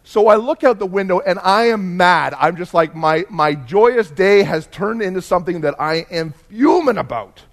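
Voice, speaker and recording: A pastor delivering a sermon in church, his voice sitting a touch higher than most men's. He tells his stories with animation, dropping to near-hushed lines and then climbing into loud, emphatic bursts. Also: expressive, normal speed, few pauses. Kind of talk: sermon with personal storytelling.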